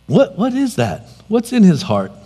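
A man preaching a sermon, expressive, moving between loud emphasis and quiet, dropped asides. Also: high-pitched, unhurried, faint music behind.

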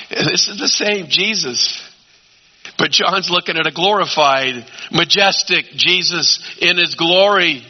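A man preaching a sermon as pastor, emphatic, swinging between loud urging and quiet asides. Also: fairly high pitch. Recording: dull lo-fi sound.

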